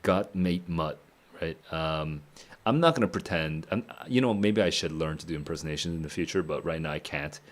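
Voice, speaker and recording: A man reading a novel aloud and reacting to it, thinking out loud and often chuckling. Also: extremely low pitch, brisk. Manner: musing aloud, frequent chuckles. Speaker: book club streamer.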